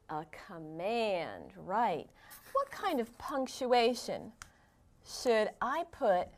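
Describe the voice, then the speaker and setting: A woman teacher leading a video lesson for young children, speaking in a slightly high voice. Her pitch moves a lot as she explains, and she encourages the pupils warmly.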